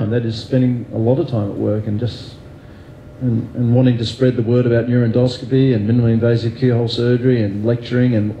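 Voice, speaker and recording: A man's voice: mid-range voice, gravelly, warm tone, echoey room, slight background noise, rough recording. An Australian man speaking as an interview guest, candid and self-deprecating, thinking aloud with fillers and restarts. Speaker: guest neurosurgeon.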